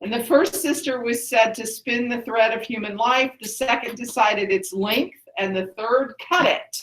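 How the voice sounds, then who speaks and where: A woman's voice: fairly high pitch, moderate pace, fairly bright tone. A woman teacher explaining a play to students in a classroom, often checking with "okay?". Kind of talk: classroom lesson. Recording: echoey classroom.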